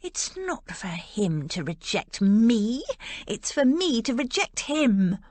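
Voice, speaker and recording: Woman doing a fiery young heroine, indignant, outspoken, lively pitch, close dry sound. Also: slow, dry recording.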